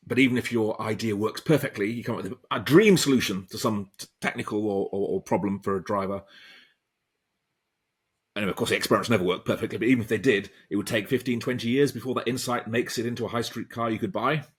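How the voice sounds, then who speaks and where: A man's voice: lowish voice, slightly rough. A man, a professor being interviewed, answering at length in a rambling, conversational way with many ums and restarts. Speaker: professor and author, interview guest.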